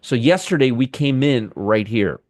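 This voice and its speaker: A man hosts a daily trading show, talking viewers through chart levels in an emphatic, repetitive way. His voice sits at an ordinary pitch and sounds close and dry, with no room around it. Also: lively intonation, moderate pace, darkish tone, dry recording. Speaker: market commentary host. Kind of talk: casual trading analysis monologue.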